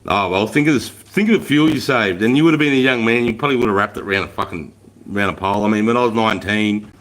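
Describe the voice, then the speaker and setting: A man's voice: fairly low pitch, quick pace, a bit bright. Swearing Australian man chatting on a livestream. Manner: blunt, swearing, slangy storyteller. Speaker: livestream host. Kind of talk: casual livestream chat, reading comments.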